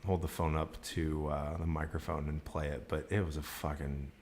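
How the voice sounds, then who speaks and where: A man's voice: extremely low pitch, little pitch movement, moderate pace, darkish tone, slight background noise. A man in his twenties hosting a casual podcast chat, telling stories in a joking, laid-back way and swearing freely. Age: 20s. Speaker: podcast host.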